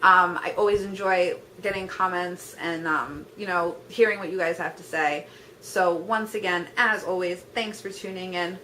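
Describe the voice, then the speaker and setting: A woman's voice: on the low side, fairly even intonation, moderate pace, bright, forceful tone, a little hiss or hum, rough recording. A young woman vlogging a blunt, profane rant, talking in an exasperated way and filling her sentences with "like". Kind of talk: ranting vlog monologue.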